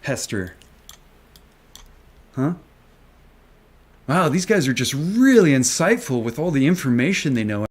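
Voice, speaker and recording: A man's voice: on the high side, expressive, normal speed, long pauses, husky. A man ranting on a live stream, angry and sarcastic, swearing and taunting with rhetorical questions. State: agitated. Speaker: stock market commentator.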